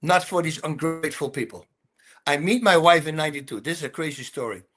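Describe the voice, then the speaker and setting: A man in his sixties with a Dutch accent, a podcast guest telling stories animatedly, acting out dialogue and throwing in sound words. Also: fast talker. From Netherlands. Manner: animated storyteller, acts out dialogue, sound words like boom and bonk. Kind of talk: storytelling interview.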